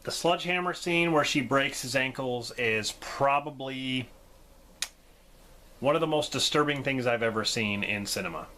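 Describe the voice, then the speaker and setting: A man reviewing horror movies in a casual vlog, enthusiastic and quick to laugh. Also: medium pitch, sharp tone, a little hiss or hum. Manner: enthusiastic, laughs often, acts out quotes.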